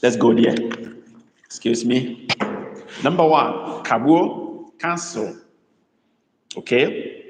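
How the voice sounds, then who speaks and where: Male language tutor in a live class, unhurried and repetitive, echoey room with a long reverb. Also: medium pitch, noisy background. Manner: slow, repeats phrases, coaxes students. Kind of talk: live online lesson.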